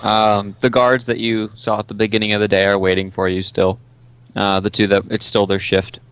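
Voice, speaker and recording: Low, dry-voiced man running a tabletop game. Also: monotone, fairly bright tone, clean tone, dry recording. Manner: halting, with many ums and uhs. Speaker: game master. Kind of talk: narrating a tabletop game on a live stream.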